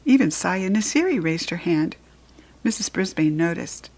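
A woman's voice: lowish voice, moderate pace. Woman reading a children's story aloud. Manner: expressive, lively reading. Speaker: narrator reading a children's book.

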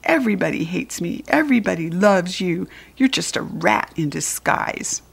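A woman's voice: lowish voice, expressive, normal speed, creaky, breathy edge, heavily acted. A woman reading aloud, voicing a resentful schoolboy who grumbles sullenly.

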